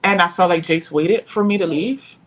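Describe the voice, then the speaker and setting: A young woman telling a painful personal story as a podcast guest, pausing and searching for her words. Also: lowish voice, rough recording.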